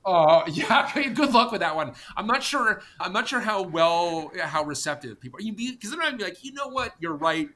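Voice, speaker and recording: A middle-aged man, a podcast guest, telling an animated story in an emphatic, exasperated way, blunt and sometimes profane, talking in rapid bursts full of restarts. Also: high voice. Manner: talks in rapid bursts with many restarts and fillers. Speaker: podcast guest, tech company co-founder.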